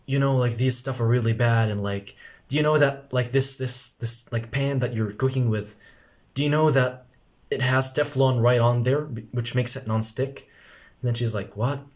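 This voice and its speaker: A young man at a middle pitch delivers a loose coaching monologue to camera. He rambles, packs his sentences with filler words and swears offhandedly, calling the listener "bro". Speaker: self-improvement coach.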